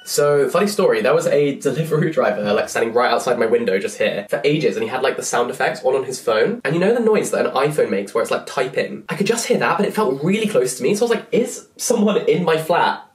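Chatty young man in a roomy flat. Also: mid-range voice. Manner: chatty, self-mocking, quick asides. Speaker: book vlogger. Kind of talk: casual vlog chat to camera. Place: his flat, indoors. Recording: roomy indoor echo.

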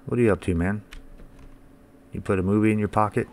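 Deep-voiced man playing a horror game. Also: steady tone, fast, darkish tone. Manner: reads game dialogue aloud, swears casually, laughs often. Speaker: gaming channel host. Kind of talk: let's play commentary.

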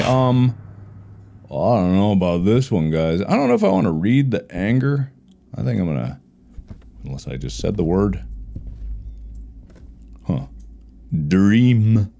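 A man's voice: fairly low pitch, vocal fry, darkish tone, slight background noise. Man with a wildly swinging voice. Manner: teasing and taunting an unseen ghost, sudden yelps. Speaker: game streamer. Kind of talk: playing a horror game alone.

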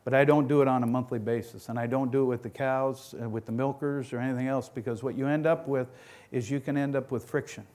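A man's voice: mid-range voice, fairly even intonation, fast talker, a little mellow. A middle-aged man who owns a dairy farm gives a conference presentation, telling stories in a folksy, rambling way, often restarting and repeating words. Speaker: dairy farm owner giving a talk.

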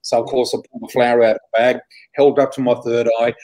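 Man, psychic guest, storytelling, animated, laughs often, mid pitch. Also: fast. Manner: animated, laughs often, acts out quoted dialogue. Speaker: psychic flower reader, interview guest. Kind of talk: storytelling anecdote.

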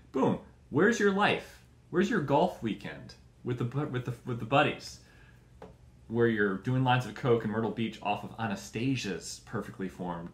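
A man's voice: mid-range voice, roomy sound. A man hosting a comedy show, ranting crudely in a rambling, mocking way and acting out other people's voices. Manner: profane, rambling, mocking, acts out quoted voices. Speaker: comedy podcast host.

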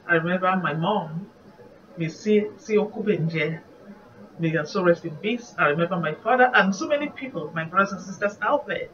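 A woman evangelist with a Nigerian accent, giving an earnest, reflective devotional sermon. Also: on the low side. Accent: Nigerian English. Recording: muffled distant recording, faint background noise.

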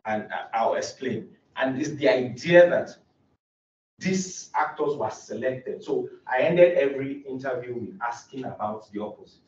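A man's voice: mid-range voice, animated, unhurried, darkish tone. Young male doctoral presenter, earnest explainer, roomy hall sound with faint noise. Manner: earnest, explanatory, frequent restarts. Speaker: doctoral student presenting research. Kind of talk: academic conference presentation. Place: presentation room. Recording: roomy, distant, dull lo-fi recording.

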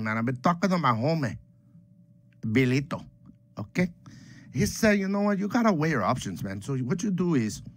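A man's voice: mid-range voice, dry recording, lightly acted. A man voicing a boastful, joking streetwise homeboy character who rambles and mixes Spanish slang words into his English, in a comedic character monologue. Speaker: comic book collecting vlogger.

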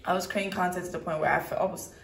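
A woman's voice: lowish voice, steady tone, rapid-fire, vocal fry, soft background music. A young woman vlogging on her phone, chatty, blunt and candid, with lots of slang. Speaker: travel vlogger. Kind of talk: casual vlog talk to camera. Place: hotel room.

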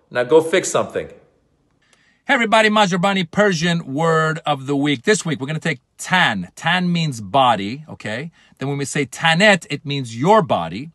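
A middle-aged man who is a comedian, explaining words in a comic way and acting out exasperated outbursts. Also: medium pitch. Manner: animated, acts out exasperated outbursts.

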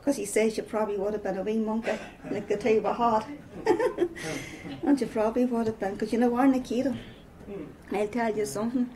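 A woman's voice: a little high, fairly even intonation, fast talker, a crowd in the background, poor audio. A middle-aged woman with a Northern Irish accent giving a personal testimony, telling her story with many repeated "I says".

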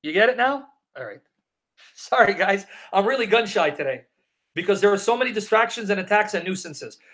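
This man's voice sits high and sounds a bit bright, with lively intonation. Teaching the Bible during a live Q&A stream, he takes viewer comments and reads scripture at a slow, deliberate pace, emphatically repeating questions to press each point.

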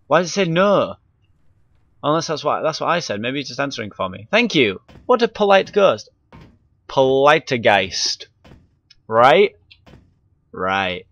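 Playing a horror title for his YouTube channel, a jittery man swears and yelps suddenly and often, easily frightened. His mid-range, fairly bright voice swings widely in pitch at a normal pace, recorded on a handheld camera mic with no echo and the highs cut off.

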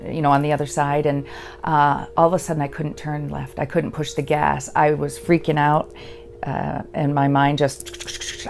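A woman veteran giving a halting, earnest personal testimony. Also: sits low, creaky, darkish tone. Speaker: veteran sharing her story.

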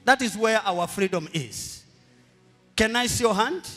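A man with a Zambian accent, a pastor leading a fervent prayer, repeating and shouting short lines. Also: sits high, lively intonation, unhurried. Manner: repetitive chanted exhortations, often shouted. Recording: echoey hall with music behind.

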